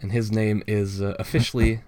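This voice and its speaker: A man's voice: lowish voice, flat delivery, brisk, dark tone, no room sound. A man co-hosting a podcast, casually chatting through a comic, laid-back and swearing often. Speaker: podcast co-host. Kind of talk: casual chat reviewing a comic.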